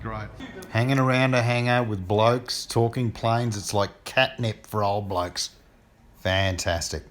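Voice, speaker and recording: A man's voice: lowish voice, fairly even intonation, unhurried, fairly bright tone, slight background noise. Older Australian man, enthusiastic, matey banter, aviation vlogger. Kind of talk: casual chat. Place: aircraft hangar.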